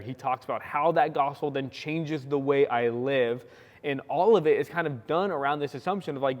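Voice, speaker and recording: A young man giving a sermon, telling a personal story in a lively, animated way, acting out the quotes and saying "like" often. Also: on the high side. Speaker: pastor. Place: church sanctuary. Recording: long hall reverb.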